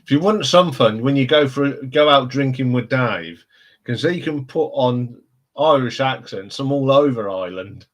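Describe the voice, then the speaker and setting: A man's voice: mid-range voice, expressive, normal speed. A man with a Northampton accent, hosting a casual live stream chat and rambling with frequent laughs. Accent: Northampton English. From England. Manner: chatty, rambling, laughs often.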